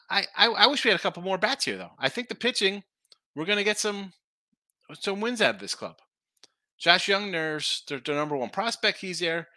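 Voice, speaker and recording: A man's voice: high voice, pushed and bright, no room sound. A middle-aged man hosting a casual live sports betting stream, rambling through picks, stumbling over his words and reading viewer comments aloud. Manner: rambling, self-interrupting, reads chat comments aloud. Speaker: sports betting show host.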